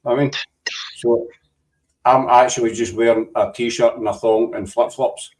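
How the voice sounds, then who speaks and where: A Scottish show host leads a casual live panel chat with jokey, meandering banter, teasing his guests. His mid-range voice is fairly even and a little mellow at a measured pace, captured distantly with a little hiss or hum.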